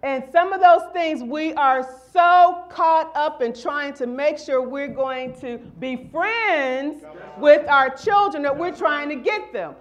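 A middle-aged woman preaching a sermon, calling out to the congregation and building to shouted refrains. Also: high-pitched, takes it slowly. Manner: call-and-response, rising to shouts.

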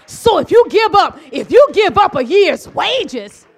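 A middle-aged woman preaching a sermon, impassioned, swinging from hushed asides to shouted declarations. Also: very high voice, sing-song, a little slow, vocal fry.

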